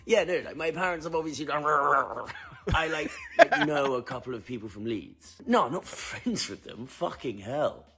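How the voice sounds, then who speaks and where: Guy as a husky lad, rambling, keeps repeating himself. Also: mid-range voice, lively intonation, normal speed, sharp tone, full character voice. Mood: defensive. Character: defensive posh young English man.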